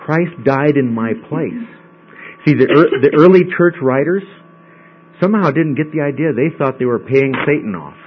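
A man's voice: on the high side, expressive, normal speed, husky. A man teaching a Bible study in a conversational way, often checking in with the class. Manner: conversational, checks in with frequent "okay?". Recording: dull lo-fi recording with mains hum.

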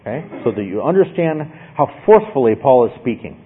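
An emphatic male Bible teacher lecturing with a lively, varied pitch and a husky edge. He keeps checking in with his listeners. The sound is tinny and phone-like. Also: a little fast, hardly any pauses. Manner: emphatic, asks "okay?" often.

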